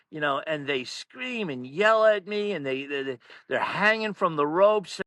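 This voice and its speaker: A man, a powerlifting meet announcer, telling stories in casual chat, animated and laughing often. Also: a little high, normal speed, few pauses, dry recording. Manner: animated, laughs through stories, acts out quotes loudly. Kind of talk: casual storytelling.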